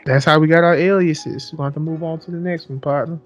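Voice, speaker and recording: A man's voice: a little high, steady tone, fast, soft background music. Rambling young man on a podcast. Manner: rambling, repeats "so yeah", swears freely, mimics other people's voices. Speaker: podcast co-host. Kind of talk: casual chat.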